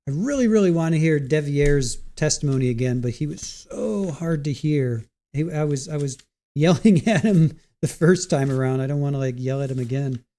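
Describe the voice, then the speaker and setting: A man on a home livestream talks casually to his chat while he waits for a court hearing to get going again, drifting off mid-thought and then restarting. His voice leans high and dark in tone, at a moderate pace.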